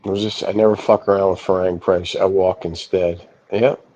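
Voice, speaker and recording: A man's voice: low voice, level tone, normal speed, dark tone, poor audio. A man in casual chat, blunt and crude in an offhand way. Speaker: stream host.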